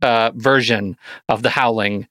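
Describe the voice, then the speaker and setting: A man's voice: mid-range voice, fairly even intonation, unhurried, bright, forceful tone, no echo, studio quality. A man co-hosting a casual talk show, upbeat and joking as he plugs something. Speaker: podcast co-host. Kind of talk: casual chat.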